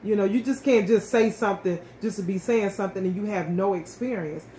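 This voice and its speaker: A woman speaks about her own life in a heartfelt, animated way, stumbling over and repeating words as feeling takes over. Her voice carries in a roomy, echoing space with a faint hiss of background noise. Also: mid-range voice, fairly quick. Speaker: co-host sharing her story. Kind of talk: casual personal storytelling. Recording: echoey room with faint ambient noise.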